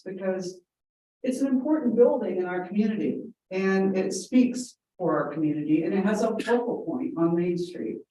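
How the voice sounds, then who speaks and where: A woman with a mellow, lowish voice gives a public comment at a town meeting in a large council chamber. She's earnest and rambling, with frequent ums and quoted anecdotes, recorded from far off in the echoey room.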